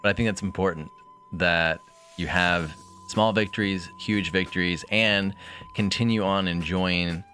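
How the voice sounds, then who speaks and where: Low-voiced guy rambling to his stream from his bedroom, bright tone, soft music in the background. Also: fairly even intonation, measured pace. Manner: rambling, reflective, chatty with viewers. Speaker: streamer reading a book aloud. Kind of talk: casual livestream chat and book reading.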